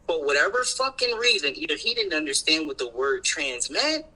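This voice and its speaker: A man's voice: on the high side, sing-song, moderate pace, a crowd in the background, low-quality recording. A man co-hosting a podcast, talking in a rambling, emphatic way and swearing freely. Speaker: podcast co-host. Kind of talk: casual chat.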